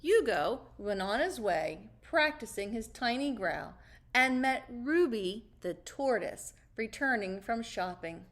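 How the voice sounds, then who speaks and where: A woman reading a children's story aloud, slow and unhurried. Her fairly high voice rises and falls widely in a sing-song, expressive way.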